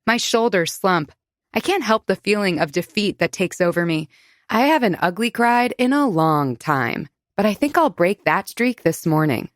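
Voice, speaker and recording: Woman narrator, mid pitch, intimate first-person audiobook reading, dry close studio sound. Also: big pitch swings, moderate pace, dry recording.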